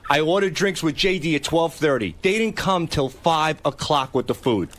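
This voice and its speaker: A man on a radio talk show tells a long story, acting out every side of the exchange. His voice sits high and swings widely up and down. He swears freely as he talks. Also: moderate pace. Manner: animated, profane storytelling, acting out both sides of the exchange. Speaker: show regular telling a story. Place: radio studio.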